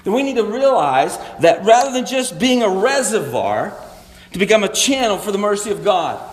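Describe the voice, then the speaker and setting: A man's voice: high-pitched, big pitch swings, normal speed. A male pastor preaching a morning sermon in a conversational way, acting out little everyday dialogues to make his points. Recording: echoey hall, long reverb.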